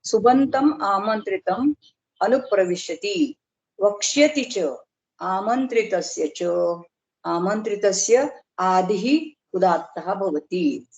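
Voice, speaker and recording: A woman lecturing on grammar in a workshop, explaining slowly and deliberately with pauses and fillers. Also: medium pitch, lively intonation. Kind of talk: academic lecture in an online workshop. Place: video call. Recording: roomy echo.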